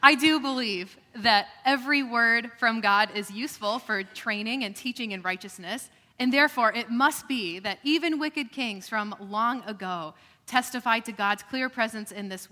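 A woman pastor giving a sermon in a measured way, with dry joking asides. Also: fairly high pitch, pushed and bright, long reverb tail. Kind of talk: scripture reading and sermon.

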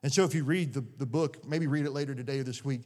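A man's voice: mid-range voice, steady tone, quick pace, a little mellow. Earnest preaching man in a reverberant hall. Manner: earnest, conversational preaching with many restarts. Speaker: pastor. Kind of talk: sermon. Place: church sanctuary. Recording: long reverb of a large hall.

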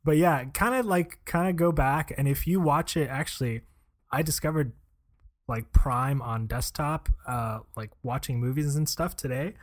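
A man's voice: fairly high pitch, normal speed. A man in casual chat, easygoing and detail-minded, with plenty of fillers.

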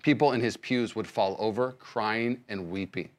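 A male pastor giving a sermon, speaking conversationally with many restarts and swinging between loud emphasis and soft hushed lines. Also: fairly low pitch, moderate pace. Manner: frequent fillers and restarts, conversational preaching.

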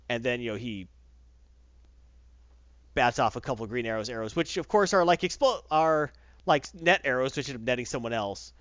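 A man retells a comic story in an easygoing podcast chat, his pitch jumping around as he slips into quick voices for the characters. The sound is dry and close, with a dull, lo-fi tone. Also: expressive, fairly bright tone, dry recording. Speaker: podcast host reviewing comics. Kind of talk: casual comic book recap.

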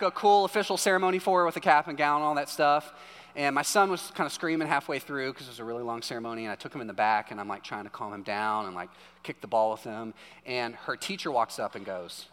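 Pastor guy telling stories in a sermon, bright forceful voice, kinda high, big hall echo. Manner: conversational storytelling, keeps asking "right?". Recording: long hall reverb.

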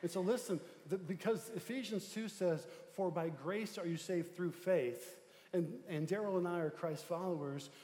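A man who is a pastor, telling a story in a sermon, swinging between loud excitement and hushed tones. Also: high-pitched, normal speed, echoey room, big-room sound. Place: church sanctuary.

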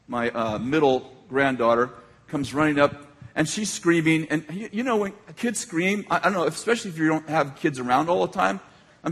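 Husky older male pastor preaching. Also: on the high side, fairly bright tone, big-room sound. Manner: conversational storytelling, frequent restarts. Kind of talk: sermon.

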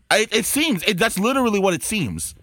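A man's voice: high-pitched, big pitch swings, moderate pace, a bit bright, no room sound, clean studio sound. A man co-hosting a podcast, ranting sarcastically in casual group banter. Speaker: podcast co-host.

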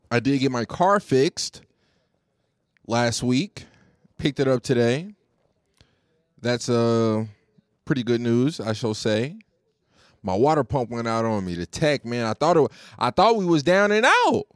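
A man's voice: mid-range voice, takes it slowly, pauses often, a little mellow, clean tone, no room sound. Dude doing a solo podcast, chill slangy talk, takes his time, dry sound. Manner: laid-back, slangy and profane. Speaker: podcast host. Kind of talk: casual solo podcast chat.

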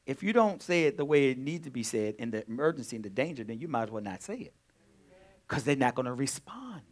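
A man preaching a sermon as pastor, swinging between quiet talk and loud, urgent emphasis. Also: medium pitch, very animated, quick pace.

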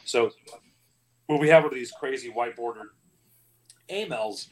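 A man's voice: medium pitch, a little slow, poor audio. A man hosting a casual podcast round table, rambling and self-deprecating. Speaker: podcast host.

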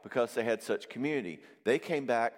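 A man's voice: mid-range voice, a little fast, in a large hall. A man preaching in a loose, conversational way, acting out the quoted voices of people he describes. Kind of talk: sermon.

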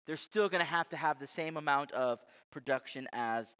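A man's voice: fairly high pitch, moderate pace, fairly bright tone, smooth, close to an everyday voice. A preacher putting on a proud, scornful ancient king. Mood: commanding. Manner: commanding, dismissive. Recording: long hall reverb.

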